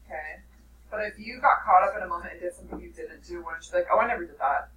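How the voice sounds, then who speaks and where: A woman's voice: on the low side, quick pace. Woman teacher reading aloud in an echoey classroom. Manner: reads steadily, breaking off to question students. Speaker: English teacher. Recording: echoey classroom from far off, loud noise.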